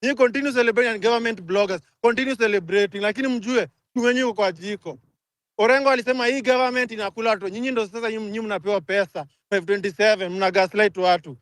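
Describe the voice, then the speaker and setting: A young Kenyan man ranting angrily in a live audio chat, switching fast between languages. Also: sits high, fairly bright tone, no echo. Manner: angry, rapid code-switching rant. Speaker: speaker in a live audio room.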